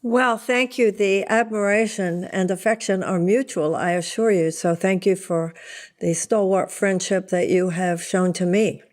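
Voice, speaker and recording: A woman's voice: mid-range voice, fairly even intonation, unhurried, a little mellow. An older woman, a spiritual author, speaking as an interview guest in an articulate, composed way. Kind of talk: podcast interview.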